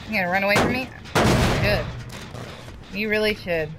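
A woman streams a horror game, cursing at and taunting her opponents. Her voice sits at a mid pitch for a woman. Steady background noise is clearly audible under her voice. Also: normal speed, long pauses. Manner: profane trash-talking, taunting opponents. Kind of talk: casual gameplay commentary. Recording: noisy background.

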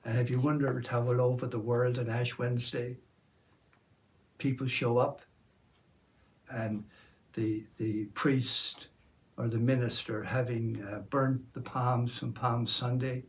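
A man who is a Catholic priest, giving a sermon in a slow, measured way with some hesitations. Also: mid-range voice, flat delivery, slight background noise.

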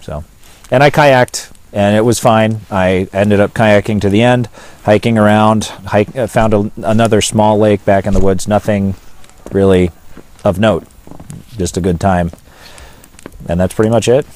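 Man, Pacific Northwest accent, interviewee, low voice, hesitant, rambling. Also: steady tone, unhurried, a little mellow, slight background noise. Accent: Pacific Northwest American. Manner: rambling, hesitant, many fillers and restarts. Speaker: pastor and witness. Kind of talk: casual storytelling interview.

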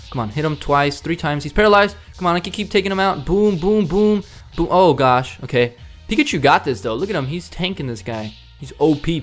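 A young man giving excitable commentary over his gameplay as a let's play host, blurting sound effects and gamer slang. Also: fairly high pitch.

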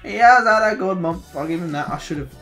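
A young man with a Birmingham accent giving excitable, chatty play-by-play commentary on a football video game, groaning and shouting at near misses. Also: high voice, a little fast, soft background music. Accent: Birmingham English. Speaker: gaming YouTuber.

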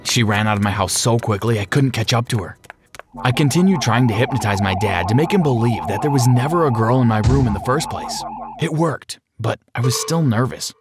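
A man giving an expressive first-person narration of an animated story. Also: mid-range voice, a little fast, music in the background.

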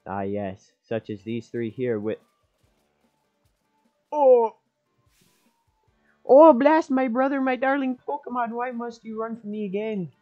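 A man's voice: lowish voice, level tone, measured pace, hardly any pauses, lo-fi sound, faint music behind, close to an everyday voice. A man voicing a fussy, genteel middle-aged male professor in a theatrical, overly proper manner, improvising over game dialogue. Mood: polite.

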